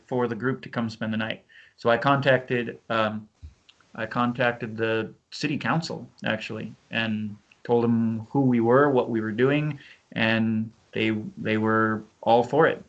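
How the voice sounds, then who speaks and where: A man's voice: medium pitch, fairly bright tone, muffled recording. A man hosting a casual podcast chat, rambling and correcting himself, and also reading a written narrative aloud. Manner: rambling, self-correcting, laughs often. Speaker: podcast host.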